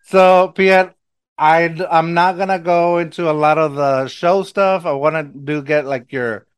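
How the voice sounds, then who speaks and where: A man with a Mexican accent hosting a podcast in casual chat, excitable and rambling, laughing often and restarting sentences. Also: on the high side, unhurried, smooth, dry recording, clean studio sound. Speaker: podcast host.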